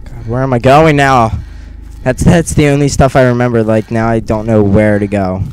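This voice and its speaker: Young guy doing a scary game lets play on a headset, jumpy, mutters to himself, yelps when spooked, mid pitch. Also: fairly even intonation, moderate pace, darkish tone, smooth. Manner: nervous, muttering to himself, bursts into panicked yelps. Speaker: gamer. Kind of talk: horror let's play commentary. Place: dark room at home. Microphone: gaming headset.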